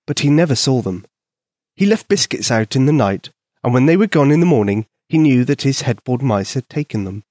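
A man narrates a children's bedtime story in a gentle, expressive way. His voice sits in a middle register, and his pitch rises and falls in a lively, animated way. The recording is close and dry, with no room around it. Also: dry recording.

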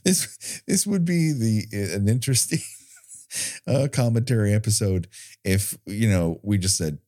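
A man's voice: lowish voice, unhurried, no echo, studio quality. A man from California co-hosting a casual movie commentary podcast, joking and sarcastic. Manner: joking, animated, sarcastic asides. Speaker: podcast co-host.

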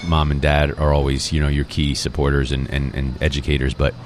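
A man in his forties with a strikingly low, deep voice talks through his story as a restaurant owner. He is relaxed and reflective, full of fillers and restarts. A faint noise sits behind him. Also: fairly quick. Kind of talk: casual interview conversation.

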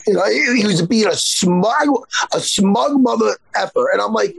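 Man, forties, husky, high-pitched, lively pitch, dry close mic, profane storytelling. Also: moderate pace, dry recording. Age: 40s. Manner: animated storyteller, swears freely. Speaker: jiu-jitsu instructor. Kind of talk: casual podcast chat.

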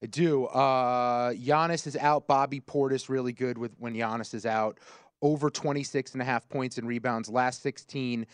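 Man, mid-pitched voice, easygoing host going through betting picks, dry close mic. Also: fairly even intonation, normal speed, clean tone, dry recording. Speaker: sports betting show host. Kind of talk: casual sports talk.

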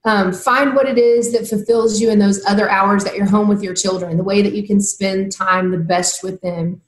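A woman's voice: mid-range voice, fairly even intonation, normal speed. A woman who works as a TV news anchor, talking earnestly and reflectively as a guest in a casual interview and giving advice. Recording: roomy echo.

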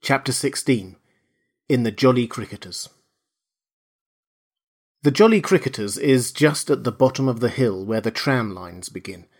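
A man reads a classic novel aloud as an audiobook. His delivery is measured and expressive, with a mid-range voice. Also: medium pitch, breathy edge. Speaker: reader. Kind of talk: audiobook narration.

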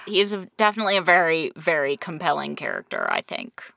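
A woman co-hosting a casual podcast chat about a TV show, talkative and quick to laugh and agree. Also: sits low, huge pitch swings, creaky, bright, forceful tone, dry recording. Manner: chatty, laughs often, quick agreeing fillers. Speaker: podcast co-host.

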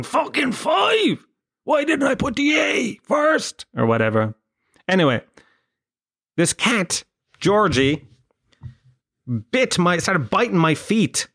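Speaking in a mid-range, slightly bright voice, an Irishman hosts a podcast and spins a meandering, funny tale. It's packed with swearing and jokes at his own expense.

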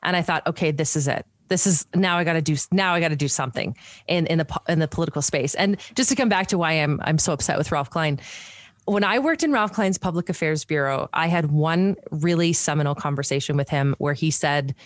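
A middle-aged woman from Canada speaks as an interview guest in a notably low voice. She is candid and animated, often restarting her sentences. The sound is close and dry, with no room around it. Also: brisk, dry recording. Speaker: guest, podcast host and PR professional. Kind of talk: conversational interview.

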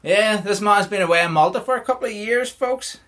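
Brisk and high-pitched with a fairly bright tone, the man speaks in a Northern Irish accent. He's a podcast host in casual conversation, rambling along with plenty of jokes and laughter.

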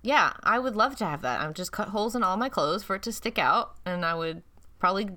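A woman's voice: mid-range voice, expressive, quick pace, bright, forceful tone. A woman co-hosting a podcast, reacting playfully and joking in casual chat. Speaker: podcast co-host.

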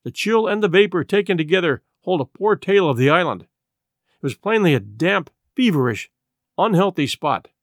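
A man narrating an adventure novel in expressive scripted storytelling. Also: high voice, normal speed, no echo, studio quality. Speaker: audiobook narrator.

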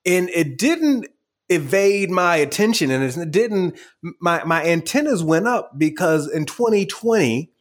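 A man hosting an interview podcast, animated and laughing often as he acts out quotes. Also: high-pitched, a little slow. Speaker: podcast host. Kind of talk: conversational interview.

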